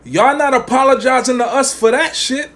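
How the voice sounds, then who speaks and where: Speaking at normal speed, a male podcast host rants with strong opinions in an extremely high, slightly bright voice. He leans on profane slang and repeats himself emphatically to hammer the point.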